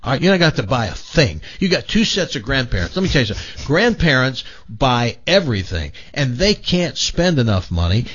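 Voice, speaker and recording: A man's voice: mid-range voice, big pitch swings, brisk, fairly bright tone, no echo. An older man hosting a radio talk show, folksy and emphatic, giving advice in casual chat. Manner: folksy, emphatic, talks over others. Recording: dry, slightly dull radio studio audio.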